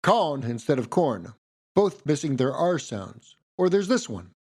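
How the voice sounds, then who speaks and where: A man's voice: medium pitch, sing-song, measured pace, dark tone, husky. A man hosting a history podcast, reading a script in a playful way with wry asides.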